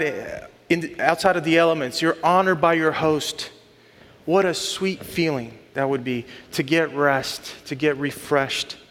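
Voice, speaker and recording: A man's voice: a little high, fairly bright tone. A man in his thirties or forties preaching a sermon, earnest and building to emphatic lists. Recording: long hall reverb.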